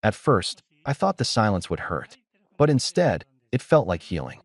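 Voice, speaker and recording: A man narrating a first-person story in a measured, dramatic storytelling manner. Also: lowish voice, very animated, dry recording.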